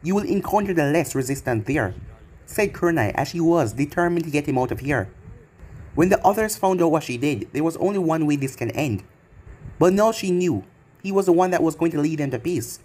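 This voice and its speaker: A man narrating a fan fiction story in a plain, even reading voice. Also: fairly high pitch, a little fast.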